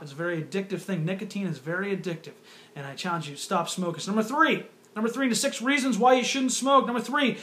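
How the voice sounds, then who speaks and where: A man's voice: high-pitched, a bit bright. A young man giving an earnest talk to youth as a ministry speaker, repeating his points and challenging listeners directly. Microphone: phone or webcam camera.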